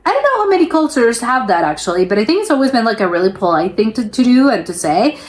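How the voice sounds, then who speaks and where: A woman's voice: on the high side, big pitch swings, fast talker. A woman from South America hosting a reaction video, talking casually with lots of fillers and restarts as she thinks aloud. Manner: chatty, hesitant, many fillers and restarts.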